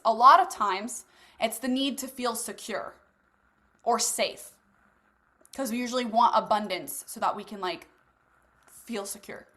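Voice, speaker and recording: A woman's voice: a little high, a bit bright. A young woman hosting a live coaching masterclass who talks casually and bluntly, swearing freely and speaking straight to her listeners. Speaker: host leading a live masterclass. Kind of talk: motivational coaching talk.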